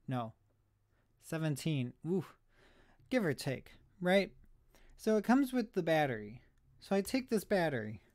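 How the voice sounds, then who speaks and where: In a casual live stream, a man chats about thrift finds in a rambling, self-deprecating way, sounding a bit winded. His slightly high voice is sing-song and a little mellow, moving at a measured pace with long pauses, recorded clean in a studio with no room sound.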